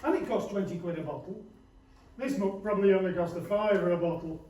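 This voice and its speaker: A man's voice: sits high, fairly quick, warm tone, close to an everyday voice. A man playing a pompous, snobbish wealthy older man in a stage play, sneering at everything. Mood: scornful. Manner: sneering, grandly dismissive. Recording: echoey hall, far from mic.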